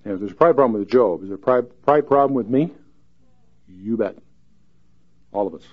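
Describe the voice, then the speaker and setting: A man in the middle of the usual pitch range gives a folksy, joking Bible teaching and reads each verse aloud with rising emphasis. The recording sounds slightly dull and lo-fi, like a home podcast. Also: a little fast.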